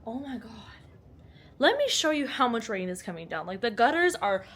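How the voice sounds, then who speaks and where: This is a casual vlog shot on a handheld phone at home while a storm rages. The woman's voice is a little high and a bit bright, with big swings in pitch at a normal speed, and she keeps things chatty, joking, laughing a lot and swearing offhandedly.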